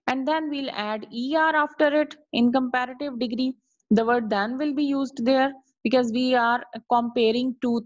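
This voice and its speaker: Teacher with explaining grammar. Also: female voice, fairly high pitch, dry recording. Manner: slow, repetitive explaining, checking in with "clear?". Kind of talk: online grammar lesson. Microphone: video call. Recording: dull lo-fi video call audio.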